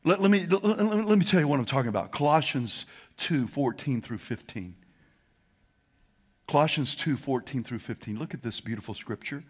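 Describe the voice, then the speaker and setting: A man preaching a sermon to a congregation in church, animated and calling for responses, dropping to a hush and rising to shouts. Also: medium pitch, moderate pace, breathy edge. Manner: animated, swings from hushed to shouting. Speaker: pastor.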